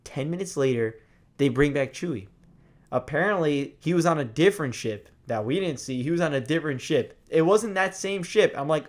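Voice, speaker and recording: Young guy ranting about a movie he saw, swears a lot, kinda high voice, trips over his words. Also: moderate pace. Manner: excited, profane, rambling with many restarts. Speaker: movie reviewer. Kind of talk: casual spoiler movie review.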